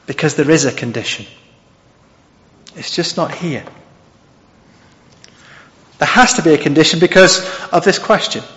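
A man's voice: on the high side, expressive, unhurried, long pauses, a bit bright. Man preaching in an echoing hall. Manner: expository, asks the congregation questions. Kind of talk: sermon. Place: church hall. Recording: dull sound with long hall reverb.

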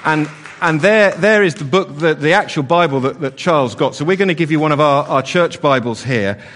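A man's voice: fairly high pitch, a little fast, a bit bright, a faint crowd. A man leading an all-age church service, chatty and playful with the children, with lots of fillers and restarts. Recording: long church reverb.

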